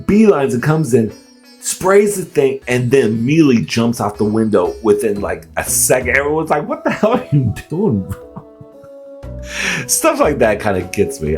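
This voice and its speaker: A man talks through clips in a loose, laughing reaction-video chat, stammering and restarting as he goes. His pitch swings widely and stays lively. Faint music plays underneath. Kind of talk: casual reaction commentary.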